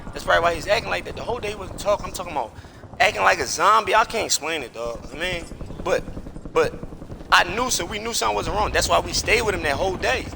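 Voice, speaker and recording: A man's voice: high voice, lively intonation, fast, gravelly, background noise. A man streaming live, telling a personal story in casual chat while gaming, emphatic and repetitive, swearing oaths as he goes.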